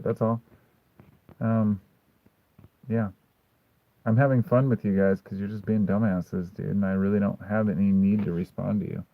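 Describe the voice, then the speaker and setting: A man hosting a live chat stream, reading comments and answering them bluntly and sarcastically, swearing often and saying "dude" a lot. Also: mid-range voice. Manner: argumentative, frequent "dude". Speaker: livestream host reading chat. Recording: dry, tinny phone-like sound.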